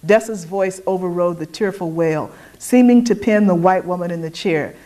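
A woman reading literary fiction aloud at a poetry event, measured and expressive. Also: fairly low pitch. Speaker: reader.

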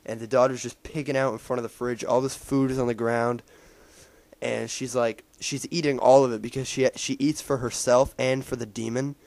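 Male reviewer, casual and rambling, full of fillers and restarts, mid pitch. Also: little pitch movement, moderate pace, creaky, darkish tone, no echo. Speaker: movie reviewer. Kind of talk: casual spoken movie recap.

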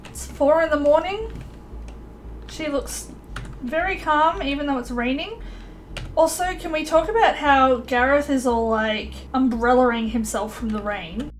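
A young woman casually commentating her life-sim gameplay, excitable and chatty, voicing her characters in quick asides. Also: high voice, a little hiss or hum. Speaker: let's play host.

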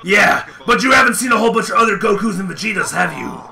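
Man doing a loud, brawny warrior with a high, gravelly shout and a sharp edge, role-play banter. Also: fast talker, full character voice. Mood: indignant. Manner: shouting, laughing, indignant. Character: hulking brawny male warrior, loud and hot-headed. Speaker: streamer. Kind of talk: comedic voice chat role-play.

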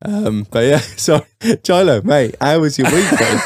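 A man's voice: a little high, big pitch swings, unhurried, breathy edge, dry recording, clean studio sound. A man with a West Country English accent hosting a podcast, joking and laughing often, with sweary banter. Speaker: podcast host. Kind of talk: casual banter.

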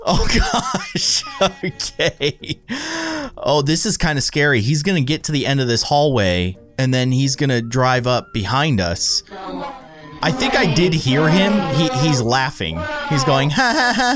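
A man in his thirties hosting a let's-play at home, excitably gasping and laughing as he comments on a scary game. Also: medium pitch, unhurried, soft background music. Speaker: gaming video host. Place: home with his young son nearby.

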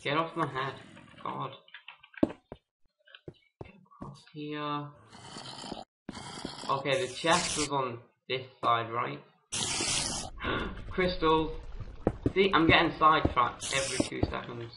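A man commenting on his own gameplay in an excitable way, yelping and raging at enemies. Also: medium pitch, moderate pace, vocal fry, heavy background noise. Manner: excitable, yelps and rages at enemies. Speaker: gamer. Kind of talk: let's play commentary.

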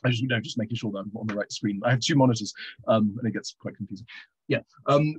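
A middle-aged man giving a reflective lecture over a video call, pausing with hesitant fillers and slowing down when he reads passages aloud. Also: lowish voice, breathy edge, rough recording. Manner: reflective, hesitant, slows down for readings. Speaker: guest lecturer and poet. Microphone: computer mic on a video call.

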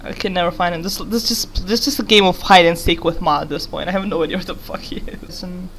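A woman's voice: on the low side, steady tone, quick pace, fairly bright tone, a little hiss or hum. Giggly young woman rambling over gameplay. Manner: giggly, rambling, talks to game character. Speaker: gaming YouTuber. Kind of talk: casual gameplay commentary.

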